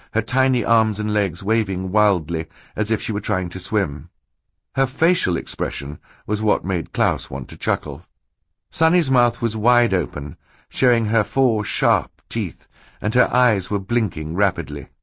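Low-voiced male narrator, dry and ironic, with lively intonation, recorded close and dry. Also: unhurried, dry recording. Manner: wry, dryly ironic storytelling. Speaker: audiobook narrator. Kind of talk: scripted narration.

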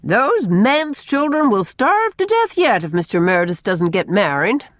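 A woman reading an audiobook and voicing a brisk, kindly middle-aged farm wife who talks bluntly and calls people "dearie". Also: mid-range voice, wildly swooping pitch, no room sound, exaggerated voice. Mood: indignant. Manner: blunt, homespun, fond "dearie".

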